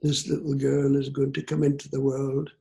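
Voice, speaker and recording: Old scottish guy doing a little fairy man, solemn and old-fashioned, gravelly and a bit high. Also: steady tone, a little slow. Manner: archaic formal speech, thee and thou.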